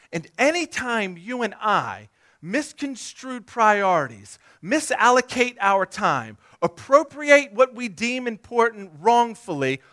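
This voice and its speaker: Animated, high-voiced male preacher. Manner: animated, emphatic preaching with comic asides. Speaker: pastor. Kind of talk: sermon.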